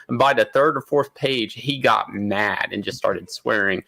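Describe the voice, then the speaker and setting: Gravelly low-voiced man telling stories. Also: moderate pace, hardly any pauses, no echo, poor audio. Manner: storytelling, quotes others in lively voices. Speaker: comic artist guest. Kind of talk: casual panel chat.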